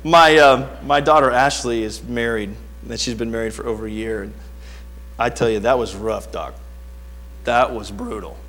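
A middle-aged pastor preaches a sermon at a moderate pace in a medium-pitched voice. He tells stories animatedly, swinging from quiet asides to near-shouting.

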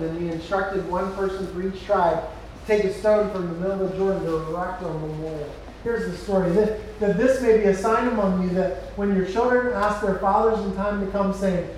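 A man preaching a sermon as a pastor, swinging between loud impassioned cries and hushed low passages. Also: a little hiss or hum. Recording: echoey hall from far off.

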